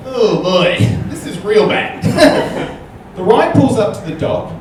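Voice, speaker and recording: Animated man telling a comedy story live. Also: high-pitched, slow. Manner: animated, punctuates with "right?". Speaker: comedian guest. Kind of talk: live stand-up storytelling and chat. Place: small comedy venue with audience. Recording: echoey live room, distant mic, noisy.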